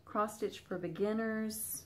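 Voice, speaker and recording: A young woman with a Southern US accent, a Flosstube vlogger, chats casually and directly to viewers while unboxing and showing off old craft patterns. Her medium-pitched voice is steady, slow and a bit bright, with a little hiss or hum.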